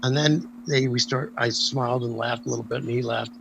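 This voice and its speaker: An older man, guest on a casual interview, tells long anecdotes with animated energy, acting out the voices of the people he quotes. His voice is mid-range, fairly quick, and creaky, with background noise behind him.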